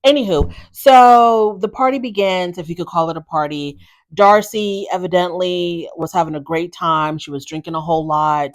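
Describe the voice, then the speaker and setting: Low-voiced, chatty woman recapping gossip. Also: moderate pace. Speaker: reality TV recap host. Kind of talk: casual opinionated recap.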